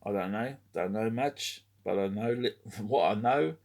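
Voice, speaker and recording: Low-voiced middle-aged man, swearing freely. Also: measured pace, vocal fry, a little mellow. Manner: swears a lot, chuckles, trails off mid-thought. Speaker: collectibles vlogger. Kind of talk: casual rambling chat to camera.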